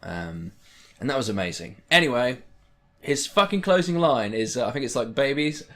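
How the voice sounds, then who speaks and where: A young man talks in a loose, rambling vlog style. His voice sits at an ordinary middle pitch. He gets excited easily and swears freely. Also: normal speed. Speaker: wrestling vlogger. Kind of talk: casual chat.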